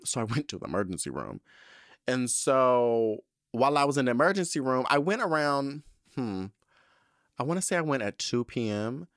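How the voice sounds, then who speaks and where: Animated, profane young man telling stories. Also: fairly low pitch, no room sound, studio quality. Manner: animated, profane, dramatic voice swings into quoted lines. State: tight allergy-clogged throat. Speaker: podcast host. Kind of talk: casual storytelling monologue.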